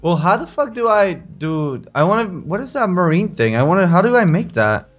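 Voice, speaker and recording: Young man, casual gaming chat, lively swinging pitch, excitable and cursing, dull lo-fi audio. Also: moderate pace, soft background music. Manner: swears and laughs often, excitable. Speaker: gaming channel host.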